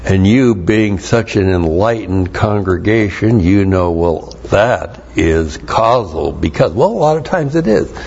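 A man preaching a Bible teaching sermon, explaining Greek words slowly and spelling them out letter by letter. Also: deep voice, expressive, vocal fry, darkish tone, slight background noise. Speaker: pastor. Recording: dull lo-fi sermon recording.

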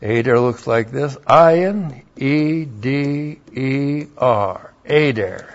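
A man teaching a verse-by-verse lecture on scripture, slow and methodical, spelling words out letter by letter, with blunt, emphatic asides. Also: medium pitch, dull audio. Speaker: Bible teacher.

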